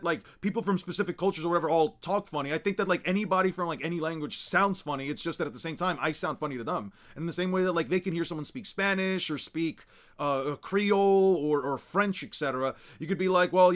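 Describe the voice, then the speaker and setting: A man's voice: fairly high pitch, fairly bright tone. A young man streaming and chatting casually, rambling through his points with constant filler words and restarts. He is laid-back, laughs easily and swears now and then.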